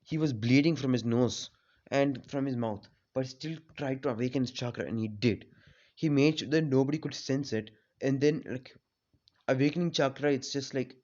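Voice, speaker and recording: A man's voice: medium pitch, darkish tone. A man casually retelling a fan story, rambling with many fillers. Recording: slightly dull lo-fi audio.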